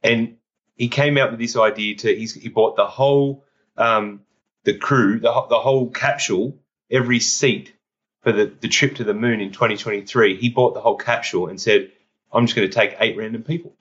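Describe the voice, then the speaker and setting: A man with an Australian accent, a podcast host telling stories in animated casual chat, laughing often. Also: medium pitch, brisk. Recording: dull lo-fi sound.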